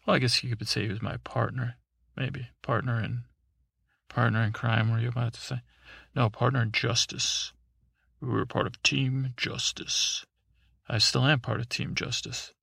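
A man voicing a mellow, mumbling superhero in a sleepy bedtime story. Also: steady tone, normal speed, creaky, breathy edge, no echo, studio quality, exaggerated voice. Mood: flat. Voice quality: mumbling, low-key.

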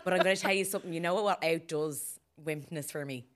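A woman co-hosting a film podcast in casual chat, animated and quick to laugh, with frequent asides. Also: low voice. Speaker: podcast co-host.

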